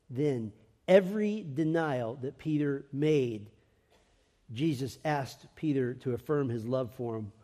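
A man preaching a sermon in an earnest voice that swings between emphatic and hushed. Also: mid-range voice, in a large hall.

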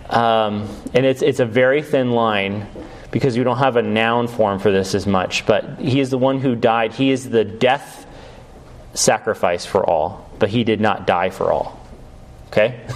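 Man teaching a sermon, asking questions. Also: medium pitch. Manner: explanatory, asks the listeners questions. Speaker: pastor.

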